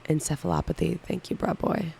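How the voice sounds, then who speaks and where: A woman's voice: lowish voice, little pitch movement, fairly quick, vocal fry, warm tone, slight background noise, poor audio. A woman in her thirties chatting casually on a livestream, candidly answering viewer questions one by one. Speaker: livestream co-host.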